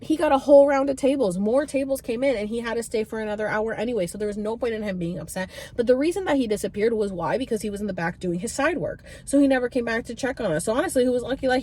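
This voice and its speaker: A woman in her thirties telling stories to camera in a chatty, animated way, swearing now and then. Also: a little high, a little hiss or hum. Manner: chatty, animated, swears freely, many fillers. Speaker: vlogger. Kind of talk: casual storytelling to camera.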